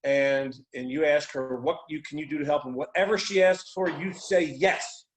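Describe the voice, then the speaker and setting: A man's voice: a little high, steady tone, normal speed, pitched above the performer's own voice, natural voice. A man voicing an amped-up, intense male life coach who gives urgent commands. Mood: commanding.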